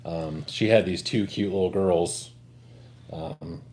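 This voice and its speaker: A man's voice: sits low, big pitch swings, slow, vocal fry, a little mellow, a little hiss or hum. A man co-hosting a casual hobby livestream, chatting in a laid-back, joking way and swearing now and then. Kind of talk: casual chat while working on a build.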